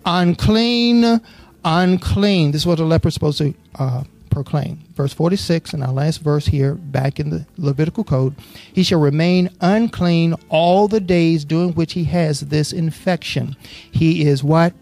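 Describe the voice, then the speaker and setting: A gravelly-voiced preacher of medium pitch and moderate pace gives a call-and-response sermon in church. Reading the Bible aloud, he quizzes the congregation on missing words, then builds from steady reading into passionate preaching.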